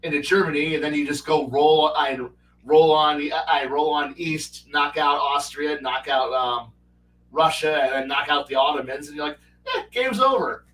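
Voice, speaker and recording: A man's voice: fairly high pitch, level tone, normal speed, fairly bright tone, slight background noise. A man hosting a livestream who chats casually about strategy games, rambling with many restarts and acting out quotes. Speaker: livestream host. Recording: roomy, with a distant mic.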